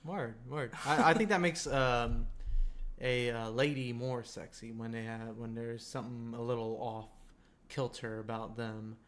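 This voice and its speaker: Male podcast co-host, relaxed and deadpan, short agreeing replies and dry one-liners. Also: mid-range voice, a little slow. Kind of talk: casual comedic chat.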